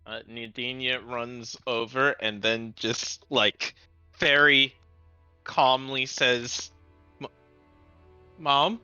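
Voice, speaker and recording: Guy player in a tabletop game, really bright sharp tone, slow, dull dry mic. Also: medium pitch, flat delivery, clear, resonant tone, soft background music.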